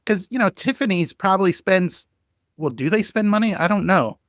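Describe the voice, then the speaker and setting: A man's voice: sits high, lively intonation, normal speed, fairly bright tone, dry recording, studio quality. A man hosting a podcast, asking questions as he thinks them through aloud. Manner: thinks aloud while asking, restarting sentences. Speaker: podcast host. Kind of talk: interview questions.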